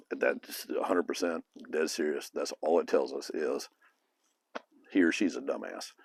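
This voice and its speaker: A middle-aged man with a very deep, husky voice gives frank, no-nonsense advice in a casual monologue. His delivery is blunt and plain-spoken, with a bit of salty language. The sound is dry and close. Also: darkish tone, no room sound. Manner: blunt and frank, with occasional profanity. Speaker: former police officer giving advice.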